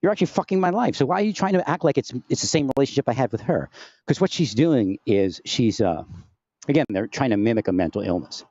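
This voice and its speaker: A man's voice: medium pitch, expressive, quick pace, a little mellow, dry recording, muffled recording. A man rambling through a personal monologue into his own mic at home, distracted and restarting often. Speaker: vlogger. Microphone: home recording setup with phantom-powered mic.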